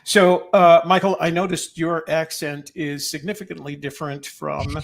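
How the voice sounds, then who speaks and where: An older retired man from New Mexico with a neutral American accent, hosting a relaxed interview. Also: a little high, normal speed, vocal fry. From New Mexico, USA. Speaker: interview host. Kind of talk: conversational interview.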